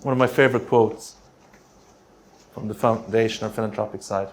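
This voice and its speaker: A man presenting a grant writing workshop, punchy and energetic, checking in with the room with quick rhetorical questions. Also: on the low side, background noise. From Australia.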